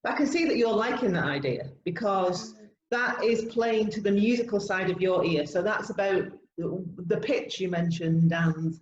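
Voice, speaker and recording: A woman co-hosting a podcast, explaining classroom teaching ideas in a steady, encouraging way. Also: mid-range voice, normal speed, crowd noise. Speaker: podcast co-host, language teacher. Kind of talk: casual podcast discussion. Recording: echoey room, dull sound, faint noise.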